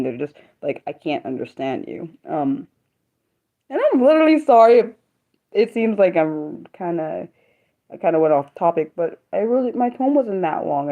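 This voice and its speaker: A young woman chatting casually on her own livestream, talking fast and rambling, breaking off and restarting her sentences. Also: low-pitched. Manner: fast, rambling, self-interrupting talk. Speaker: livestream host sharing poetry. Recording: dull lo-fi sound.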